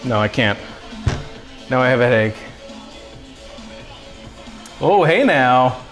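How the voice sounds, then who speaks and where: A man's voice: mid-range voice, animated, slow pace, fairly bright tone, faint music behind. A young man hosting a casual cooking livestream, joking and chatting with his viewers as he cooks. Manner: playful, joking, talks to chat viewers.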